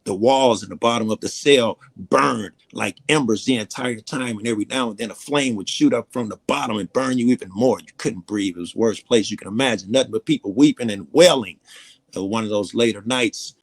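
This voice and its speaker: Low-voiced man telling rambling profane stories. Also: creaky, no echo. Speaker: guest storyteller. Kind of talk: casual storytelling.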